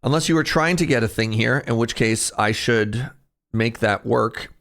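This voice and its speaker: A man's voice: medium pitch, normal speed, a bit bright. A man streaming live, chatting casually with his viewers in a jokey, talkative way and laughing often.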